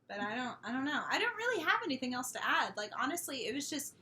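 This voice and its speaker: A woman's voice: sits high, sing-song, fast talker, pushed and bright. A young woman co-hosting a podcast, chatting casually and rambling through her points with restarts. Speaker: podcast co-host. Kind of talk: casual chat.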